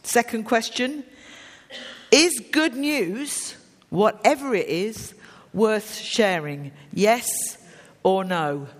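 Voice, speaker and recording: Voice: medium pitch, very slow. A preacher giving a conversational sermon to a congregation, putting simple yes-or-no questions to them. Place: church with a congregation. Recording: long reverb of a large hall.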